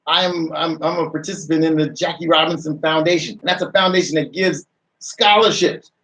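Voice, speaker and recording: Man, radio host, motivational talk, rhetorical questions, slightly high voice, a bit off-mic. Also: fairly even intonation, brisk, fairly bright tone, distant mic, poor audio. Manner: rhetorical questions, repeats phrases, restarts.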